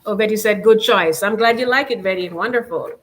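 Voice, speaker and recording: A woman's voice: mid-range voice, fast talker, slight background noise. Chatty Jamaican woman hosting a live stream. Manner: chatty, rambling, many fillers like "you know". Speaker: channel host. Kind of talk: casual live-stream show-and-tell.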